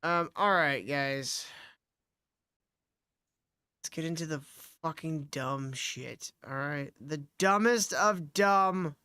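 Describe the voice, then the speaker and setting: A man's voice: fairly high pitch, slow pace, long pauses, sharp tone, smooth, dry recording, studio quality. A man hosting a casual show, crude and joking. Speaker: host. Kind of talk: casual chat.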